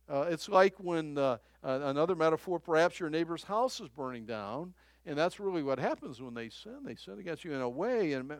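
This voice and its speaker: Halting, higher-voiced male pastor. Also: gravelly, dry recording. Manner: halting, repeats phrases, chuckles often. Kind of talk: conversational sermon.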